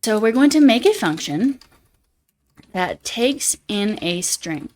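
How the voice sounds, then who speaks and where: A woman's voice: mid-range voice, big pitch swings, takes it slowly, a little mellow. A young woman live-streaming as she codes, thinking aloud, joking at her own expense and answering chat as she goes. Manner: thinks aloud while coding, jokey and self-deprecating; answers viewer chat in passing. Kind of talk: casual live coding stream.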